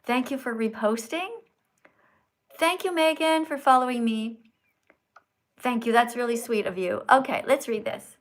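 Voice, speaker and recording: A woman's voice: a little high, unhurried, long pauses. A woman hosting a live stream from her phone, talking earnestly and in a preachy, teacherly way to her viewers. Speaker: livestream host. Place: indoors in Italy.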